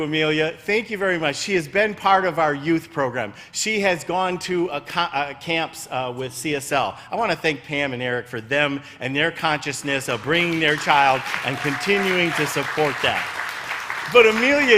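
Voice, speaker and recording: A man giving church announcements in a sanctuary, in a warm, rambling way that turns emotional. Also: fairly high pitch, slight background noise. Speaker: church staff member making announcements.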